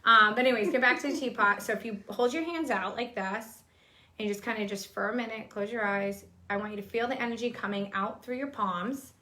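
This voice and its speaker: A woman's voice: on the high side, fairly quick, sharp tone. A woman co-hosting a casual chat, explaining energy practices in a talkative, teaching way with frequent ums. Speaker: psychic medium and co-host.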